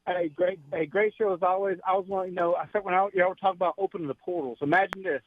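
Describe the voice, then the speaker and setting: A male caller rattles off a rambling, excited bit on the air. His voice sits high, and it comes through a thin, tinny phone line with no room sound. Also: very fast, no echo. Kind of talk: phone-in comment.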